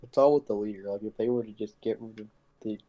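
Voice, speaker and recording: A man's voice: lowish voice, quick pace, dark tone, muffled recording. A young man from Canada, co-hosting a podcast in casual, blunt, opinionated chat.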